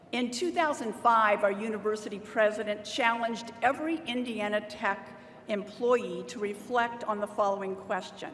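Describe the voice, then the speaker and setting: A middle-aged woman, a university staff member, giving a motivational commencement address from a podium microphone and drawing cheers from the audience. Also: medium pitch. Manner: deliberate, motivational, rallies the crowd for call-and-response cheers. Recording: roomy hall with long reverb, faint noise.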